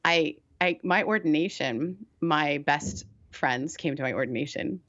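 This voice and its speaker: A woman's voice: low-pitched, unhurried, no echo, muffled recording. A woman pastor with a mixed British, Canadian and Southern US accent, telling candid stories in a casual interview and laughing easily. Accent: mix of British, Canadian and Southern US. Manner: candid, animated storyteller who laughs easily. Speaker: United Methodist pastor, guest.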